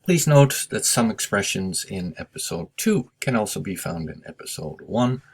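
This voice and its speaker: A man's voice: sits low, vocal fry, slightly rough. A man teaching English, patiently going over class notes and giving Japanese translations. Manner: slow, patient explaining with Japanese glosses. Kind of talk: recorded lesson review.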